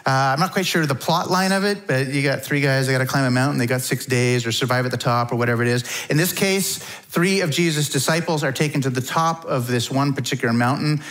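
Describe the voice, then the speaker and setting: A middle-aged man preaching a sermon to his church in a relaxed, conversational way, with frequent fillers. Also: mid-range voice, fast talker, hardly any pauses, poor audio. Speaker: pastor.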